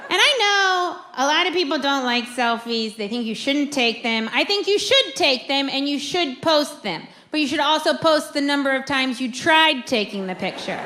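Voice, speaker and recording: A woman performing a stand-up comedy set, telling a story and acting out quoted lines with animated delivery. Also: high-pitched, moderate pace, hardly any pauses. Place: comedy club stage with audience. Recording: live club recording with crowd noise. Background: audience laughter.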